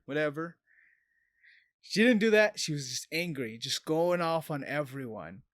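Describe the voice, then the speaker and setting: A man on a podcast with a somewhat high voice tells stories in a loose, profane way. He gets animated as he goes, and he sits close to the mic in a dry room with no echo. It sounds like a casual chat among friends. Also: a little slow. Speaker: podcast co-host.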